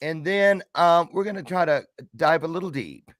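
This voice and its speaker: A man hosting an interview, reacting with animated short interjections. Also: fairly high pitch, moderate pace. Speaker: host.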